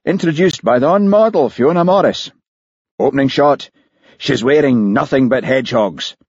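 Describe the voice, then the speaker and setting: A man voicing a brash, crude male TV producer who talks loudly and crossly. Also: mid-range voice, expressive, moderate pace, breathy edge, no echo, dull audio, voice pushed up. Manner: loud, pushy and cross.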